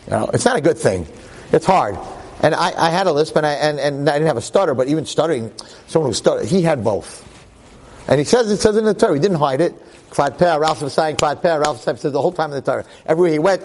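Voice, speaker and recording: A man teaching a class, telling a story in a lively, joking way and acting out the quotes. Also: on the high side, fast, breathy edge, in a large hall. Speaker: religious teacher.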